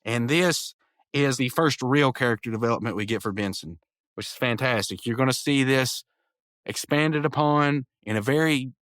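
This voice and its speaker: An eager podcast host recaps a cartoon in a casual episode review, retelling it enthusiastically with quick character impressions and stammering restarts. His voice is medium-pitched with a fairly bright tone, captured on a dry mic.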